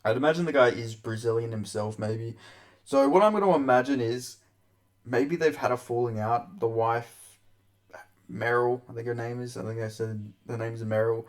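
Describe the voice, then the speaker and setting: A man's voice: medium pitch, moderate pace. A young man hosting a casual commentary vlog, talking crudely with lots of swearing, rambling and often laughing. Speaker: MMA commentary host.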